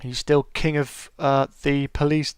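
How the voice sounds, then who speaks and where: A man's voice: medium pitch, little pitch movement, a little slow, clear, resonant tone, dry recording, studio quality. A middle-aged man hosting a casual live-stream chat, greeting viewers by name and calling them mate.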